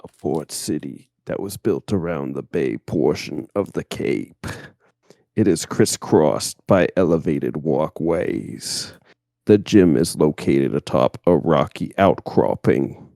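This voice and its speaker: A man whispering in a low, slow voice as a breathy narrator, doing whispered role-play. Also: no room sound, clean studio sound, full character voice. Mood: hushed. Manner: slow, hushed tour-guide narration.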